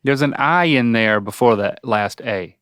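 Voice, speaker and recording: Recorded in an indoor studio with no echo, a middle-aged man co-hosts a podcast in casual chat, teasing his father and playfully quizzing him. His mid-range voice is unhurried, a bit bright, clear and resonant, with studio-quality sound.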